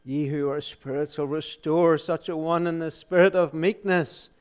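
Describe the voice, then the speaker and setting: A man preaching a sermon, asking rhetorical questions and answering them emphatically, swinging between loud exclamations and hushed, solemn lines. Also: fairly high pitch, animated, a little slow.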